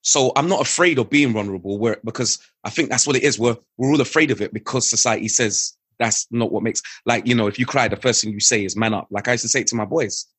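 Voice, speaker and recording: A man, a father, speaking as an interview guest in earnest, lively, reflective conversation. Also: mid-range voice, quick pace, hardly any pauses, breathy edge, no echo.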